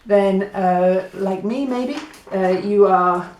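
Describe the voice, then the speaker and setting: A woman gives an unhurried beginner lesson, drawing each word out and repeating it so learners can follow. Her voice is mid-pitched and rings a little in an echoey room. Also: a little mellow, a little hiss or hum. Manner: slow, deliberate, repeats words for practice. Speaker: Spanish teacher. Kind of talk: beginner language lesson mixing English and Spanish.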